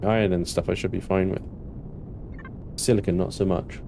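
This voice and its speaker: A man with a West Country English accent giving relaxed, muttering gameplay commentary, thinking aloud as he plays. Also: sits low, normal speed, creaky, a little hiss or hum. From West Country of England. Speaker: gaming youtuber.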